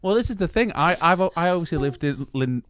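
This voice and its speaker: A man's voice: on the high side, expressive, a little fast, a bit bright, a little hiss or hum. A young man chatting on a podcast in a Yorkshire accent worn down by life in London. He teases and jokes sarcastically, swearing now and then, in an easygoing conversational way. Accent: Yorkshire, softened by years in London. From Yorkshire, England. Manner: teasing, sarcastic, swears casually. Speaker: podcast co-host. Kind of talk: casual chat.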